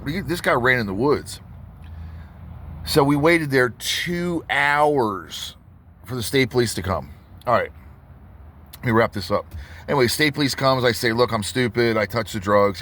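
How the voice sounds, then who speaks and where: A man talking casually to his viewers about something that happened to him, in a voice of ordinary pitch. He rambles and starts over often, and he keeps stopping to check in with his audience. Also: fairly bright tone, a little hiss or hum. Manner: rambling, frequent restarts and asides to viewers. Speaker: tattoo artist. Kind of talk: casual storytelling vlog.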